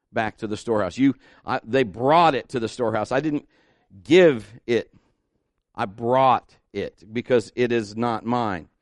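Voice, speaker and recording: A man's voice: mid-range voice, no room sound, clean studio sound. Emphatic folksy preacher, a man. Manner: folksy, emphatic, repeats key words. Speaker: pastor. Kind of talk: sermon.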